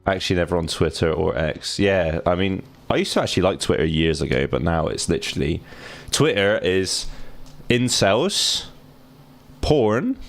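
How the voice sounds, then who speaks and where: Young male streamer, low voice, dry jokey commentary over gameplay. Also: brisk, few pauses, soft background music. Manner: joking, sarcastic asides while reading. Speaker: gaming streamer. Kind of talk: casual let's-play commentary, reading game text aloud.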